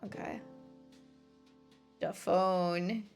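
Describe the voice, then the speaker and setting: A woman's voice: lowish voice, fairly even intonation, extremely slow, gravelly, darkish tone, faint music behind. A woman streamer chatting casually and playfully while she plays a game.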